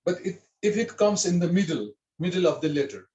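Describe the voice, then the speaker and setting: A man's voice: sits high, very animated, fairly quick, darkish tone, reverberant, highs cut off, slight background noise. A man teaching a writing script in an online lesson, explaining patiently and repeating himself with many fillers over a video call.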